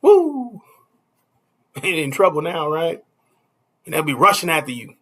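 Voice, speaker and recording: A man's voice: fairly high pitch, fairly quick, sharp tone, husky. A man preaching a casual street sermon, stopping often to ask "you see?" and chuckling between points.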